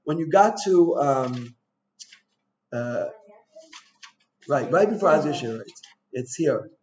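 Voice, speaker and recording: A man, a rabbi, giving an informal Torah class in a chatty, anecdotal way with quick asides. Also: a little high, expressive, a little mellow. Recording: dull lo-fi sound.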